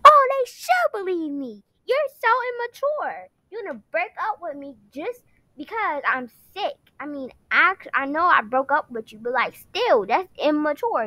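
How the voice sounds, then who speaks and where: A woman voicing a sharp-tongued young woman who feels neglected by her boyfriend, in an amateur online drama, talking in a sassy, threatening way with quick comebacks. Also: high-pitched, no echo, rough recording.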